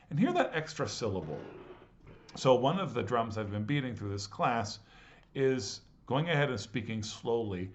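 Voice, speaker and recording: A man teaching a language class, patiently walking through exercises and slowly sounding out words syllable by syllable. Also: medium pitch, lively intonation. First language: English. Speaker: Spanish teacher. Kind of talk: explaining grammar exercises. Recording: slightly dull lo-fi audio.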